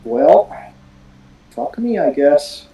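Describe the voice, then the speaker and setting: A woman player at a tabletop game with a low, mellow voice and a hesitant, wry way of talking. Her voice sounds echoey, with faint music behind it. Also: animated, extremely slow, vocal fry. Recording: echoey room.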